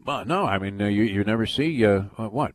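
A man's voice: fairly low pitch, lively intonation, fairly quick, dry recording. A man hosting a sports radio show, telling long rambling stories with lots of fillers and restarts. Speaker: radio sports talk host. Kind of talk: casual storytelling on sports radio.

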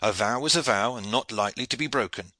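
A man's voice: fairly low pitch, fairly quick, pushed and bright, no echo. Man reading as Black Simon, a grim old soldier. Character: grim older male soldier, stern and vengeful.

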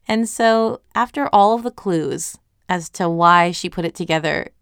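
A woman chatting casually through a recap of a webcomic episode, enthusiastic and quick to laugh. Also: fairly low pitch, fairly even intonation, clean tone, no echo, studio quality.

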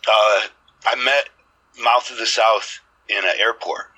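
A man's voice: lowish voice, fairly even intonation, measured pace, pushed and bright, low-quality recording. A man telling rambling stories in a casual podcast chat, swearing freely.

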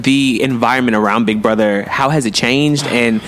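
A man hosting a podcast, asking questions and backing up his guest in relaxed conversation. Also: medium pitch, moderate pace, slight background noise. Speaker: podcast host. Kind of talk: casual chat.

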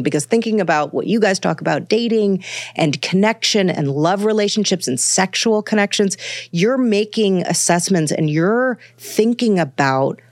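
A woman's voice: lowish voice, no echo, studio quality. A woman author talking at length about how voices sound, thoughtful and searching, full of fillers and restarts. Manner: thoughtful, exploratory, many fillers. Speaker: guest author on voice. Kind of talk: conversational podcast interview.

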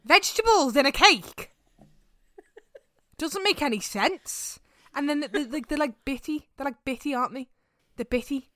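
A young woman with a bright voice talks in a casual podcast chat, teasing and blunt, swearing as she goes. Her pitch swings widely, and her voice sounds close and dry, with no room echo. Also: animated, moderate pace, long pauses. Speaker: podcast co-host.

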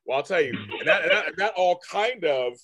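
A man co-hosting a casual podcast chat, animated and acting out lines in playful high voices. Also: a little fast. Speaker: podcast co-host. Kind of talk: casual chat about a soap opera.

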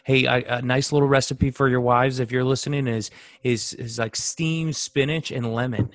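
A man with a middle-pitched voice co-hosts a casual podcast. He talks in an easygoing, joking way and often restarts his sentences. The sound is dry and close. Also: steady tone, moderate pace, no room sound. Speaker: podcast co-host, expectant father. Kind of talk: casual chat.

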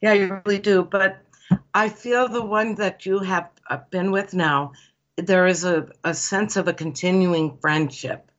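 A woman's voice: on the low side, steady tone, a little slow. A woman giving psychic card readings to callers on a radio show, chatty and searching for her words. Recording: dull lo-fi radio audio.

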